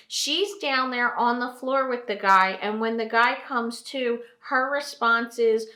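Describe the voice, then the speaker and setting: A woman from New Jersey giving a heartfelt vlog monologue, slow and earnest, repeating phrases for emphasis, tearful and emotional. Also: on the high side, pushed and bright, reverberant. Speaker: trucking vlogger.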